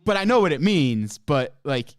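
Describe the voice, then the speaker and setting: A man's voice: fairly high pitch, sing-song, normal speed, clean tone, dry recording, studio quality. A man co-hosting a casual podcast, easygoing, mostly chiming in with short agreeing replies and chuckles. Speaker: podcast co-host.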